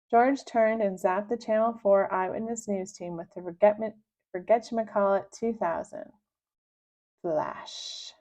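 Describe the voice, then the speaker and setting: A woman reading a children's book aloud with expressive, lively narration. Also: unhurried. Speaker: reader. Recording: dull low-fidelity sound.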